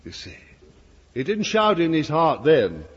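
A man's voice: on the high side, huge pitch swings, unhurried, breathy edge. A man preaching a fervent sermon to a congregation, with emphatic asides to his listeners. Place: church hall before a congregation. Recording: dull, lo-fi recording with long hall reverb.

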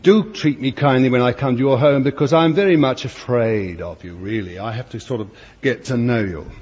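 A man's voice: mid-range voice, fairly quick, darkish tone, slightly rough. An older man preaching a storytelling sermon, chatty and anecdotal, full of playful asides. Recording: dull old recording in a reverberant hall with faint hiss.

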